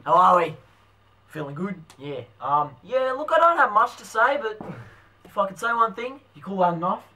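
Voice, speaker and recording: A man's voice: high-pitched, big pitch swings, unhurried, pushed and bright, far from the mic, full character voice, low-quality recording. A man putting on an offhand, drawling impression of a laid-back, boastful adult Australian bloke. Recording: voice from away from the mic.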